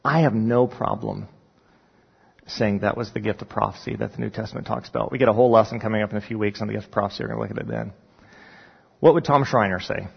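A male pastor with a gravelly, husky voice tells a story from the pulpit, his pitch climbing as he gets caught up in it. The sound is dull and muffled, and long reverb trails off every phrase in a big church hall. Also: quick pace. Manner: animated storytelling, voice rising when retelling his prayer. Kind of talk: sermon storytelling.

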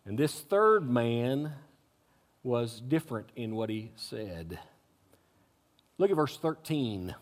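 A man's voice: mid-range voice, big pitch swings, slow pace, long pauses. A man preaching a sermon, retelling a scripture story dramatically with wry humorous asides. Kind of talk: expository sermon. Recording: echoey hall.

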